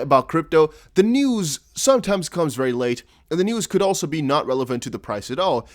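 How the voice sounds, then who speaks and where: A man's voice: medium pitch, dry recording, studio quality. A man with an American-ish accent hosting a casual crypto vlog, chatty and rambling, with jokey asides. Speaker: crypto YouTuber.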